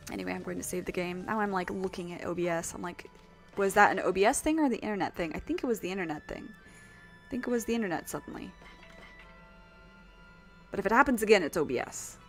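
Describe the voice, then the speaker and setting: A woman streaming a video game, chatting casually, excitable and cursing when things go wrong. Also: medium pitch. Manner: excitable, swears when frustrated. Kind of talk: casual live-stream commentary. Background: game music.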